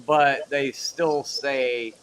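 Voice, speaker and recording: A man's voice: medium pitch, steady tone, extremely slow, fairly bright tone, clear, resonant tone, poor audio. A man in casual livestream chat, voicing strong opinions with frequent stumbling restarts. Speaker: livestream participant.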